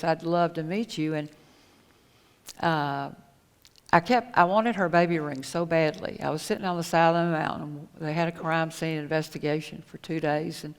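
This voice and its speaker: A middle-aged woman speaking at a conference, telling a personal story in an earnest, halting way and retelling conversations. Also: on the low side. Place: conference hall. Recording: echoey hall with long reverb.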